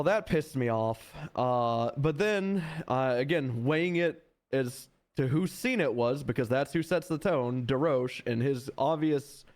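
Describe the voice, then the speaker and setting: A man speaking at an everyday middle pitch while he recounts a tense shift in a roleplay game. He tells it in an exasperated, storytelling way and swears freely as he walks through each step. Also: darkish tone. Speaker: roleplay deputy recounting an incident. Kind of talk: in-character roleplay conversation.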